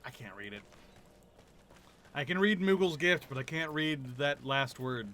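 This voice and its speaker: A man's voice: medium pitch, a little slow, a bit bright, slight background noise. A man streaming a game, musing and chatting casually, often trailing off mid-thought.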